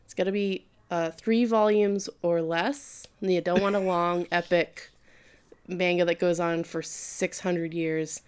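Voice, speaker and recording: A woman's voice: on the low side, measured pace, clean tone. A woman co-hosting a casual podcast, recapping an anime and acting out the characters' lines. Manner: animated, acts out quoted lines. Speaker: podcast co-host.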